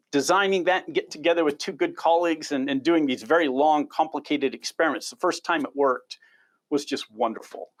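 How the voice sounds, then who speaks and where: A middle-aged man, a biology researcher, answering interview questions as an enthusiastic storyteller who often repeats words when starting a sentence. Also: fairly high pitch.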